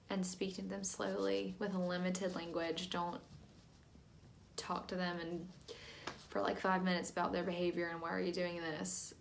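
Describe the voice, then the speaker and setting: A young woman teacher giving a calm, plain training talk to church volunteers, with many "um" fillers. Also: on the low side, gravelly, a little hiss or hum. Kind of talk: instructional talk.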